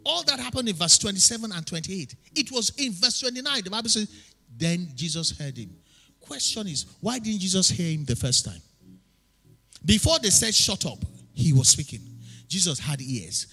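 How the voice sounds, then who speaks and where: A woman pastor with a Nigerian accent preaching a sermon, emphatic and often shouting in a chanting preacher's cadence. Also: on the low side, big pitch swings, moderate pace, slightly rough. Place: church hall. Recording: long hall reverb with faint music.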